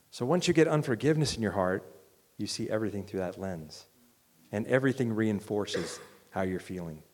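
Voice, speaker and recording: A man preaching a sermon as pastor, earnest and conversational, swinging from loud urging to quiet reflection. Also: lowish voice, lively intonation, brisk. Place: church hall. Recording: long reverb of a large church hall.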